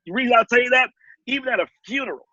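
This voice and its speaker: A man who works as a TV warm-up host and emcee, talking animatedly on a video call with big swings in pitch and loudness. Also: racing, no room sound. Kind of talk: casual video-call interview. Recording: dull lo-fi video-call audio.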